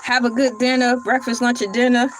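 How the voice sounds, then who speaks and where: Sassy high-voiced woman reacting. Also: fairly quick, background noise. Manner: sassy, animated, teasing with exaggerated questions. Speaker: podcast reaction commentator. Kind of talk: casual reaction commentary.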